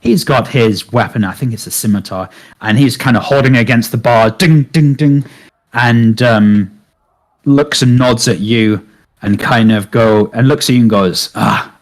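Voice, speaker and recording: A man narrating as game master of a tabletop game, relaxed and hesitant with many fillers. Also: mid-range voice, normal speed.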